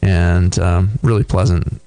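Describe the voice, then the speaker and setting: A man co-hosting a beer podcast, casually describing a tasting in a thoughtful, halting way with many fillers. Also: low voice, steady tone, mellow, clean tone, no echo. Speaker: podcast co-host reviewing beer.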